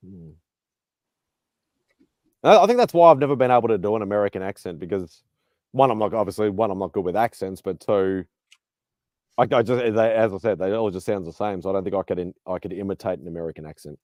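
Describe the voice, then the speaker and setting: Rambling guy, low dry voice. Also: darkish tone, dry recording. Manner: chatty, rambling, swears casually, quick laughs. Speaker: podcast host. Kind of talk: casual chat.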